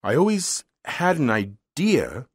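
A man's voice: mid-range voice, huge pitch swings, slow, breathy edge, no echo, clean studio sound, full character voice. A man voicing an ordinary young man who speaks politely and hesitantly. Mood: earnest.

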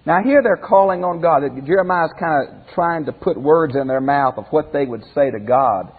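A man's voice: a little high, normal speed, breathy edge. Folksy male Bible teacher, tinny hall. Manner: folksy, asks rhetorical questions. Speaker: pastor teacher. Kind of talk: Bible commentary lesson.

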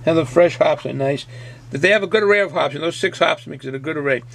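A man's voice: a little high, quick pace, creaky, a bit bright. A middle-aged man with a Boston accent chatting casually through a beer review, rambling and folksy and often repeating himself.

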